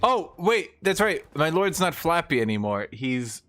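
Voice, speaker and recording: Young male streamer, unhurried casual commentary, wry and animated. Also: on the high side. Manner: talks to chat, wry, exclaims and trails off. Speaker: game streamer.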